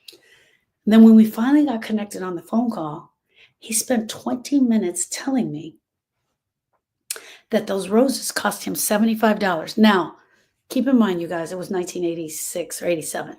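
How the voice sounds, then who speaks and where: A woman in her sixties, a grief coach, teaching a group in a lively, conversational storytelling way. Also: on the low side, moderate pace.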